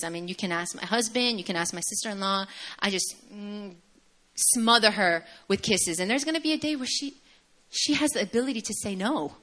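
A young woman preaching a sermon in a conversational, animated storytelling manner. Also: fairly high pitch.

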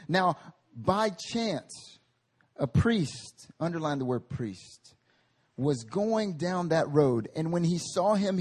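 A man preaching a sermon at a prayer meeting, animated and conversational, with humorous tangents. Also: fairly high pitch. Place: meeting hall.

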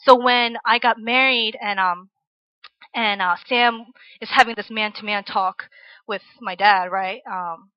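A woman's voice: on the high side, fairly even intonation, a little slow, no echo. Chatty young woman preaching, dry lo-fi sound. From Virginia, USA. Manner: chatty, tags lines with "right?" and "like". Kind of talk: casual sermon to students.

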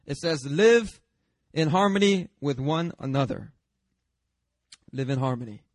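A pastor preaching a sermon in a lively, conversational way, with self-deprecating humor and chatty asides. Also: male voice, on the high side, measured pace, dry recording.

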